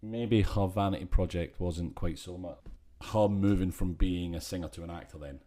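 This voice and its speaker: A man from Scotland with a faint Scottish accent, co-hosting a chatty podcast, joking and talking in quick asides. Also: deep voice, mellow. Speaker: podcast co-host. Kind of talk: casual chat.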